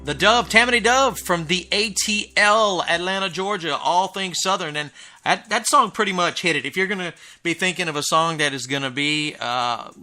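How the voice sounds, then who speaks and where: A man hosting a country music radio show, chatting with an energetic manner and frequent stumbling repetitions. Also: high-pitched, moderate pace. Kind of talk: casual radio chat.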